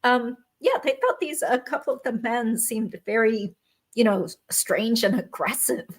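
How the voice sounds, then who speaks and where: A woman's voice: fairly high pitch, unhurried. Friendly woman hosting a chat. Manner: friendly, conversational, agreeable. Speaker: host and YouTube lawyer. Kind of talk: casual interview chat.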